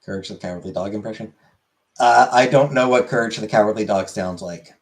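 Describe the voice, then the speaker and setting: A man's voice: fairly low pitch, fairly quick, creaky. A man streaming, chatting casually and rambling with lots of fillers while answering chat.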